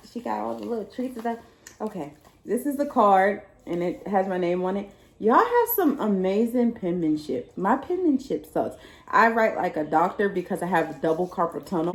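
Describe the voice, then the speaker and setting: Excitable Texas woman, echoey room. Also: on the low side, slight background noise. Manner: chatty, excitable, laughs often. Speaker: vlogger. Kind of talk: casual unboxing chat.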